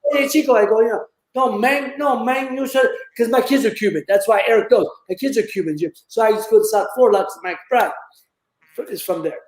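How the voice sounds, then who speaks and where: A man chatting as a guest on a show, joking and breaking into loud exclamations. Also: high-pitched, a little fast. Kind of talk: casual chat. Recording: echoey room audio.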